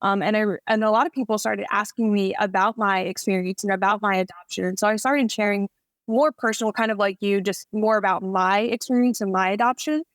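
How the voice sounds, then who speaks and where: A woman's voice: mid-range voice, steady tone, brisk, dry recording, clean studio sound. A woman in her thirties, a podcast guest, chatting casually and telling her story with plenty of "like" fillers. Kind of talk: casual interview chat.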